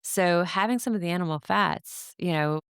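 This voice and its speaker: A woman hosting a solo podcast, talking through a subject in a measured, step-by-step way with frequent fillers. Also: lowish voice, a bit bright, clean tone, no room sound, clean studio sound. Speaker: podcast host. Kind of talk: solo explanatory podcast talk.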